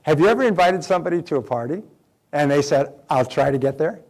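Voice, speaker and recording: A man giving a motivational seminar talk in a direct, emphatic, animated manner. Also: a little high, quick pace. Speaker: motivational speaker.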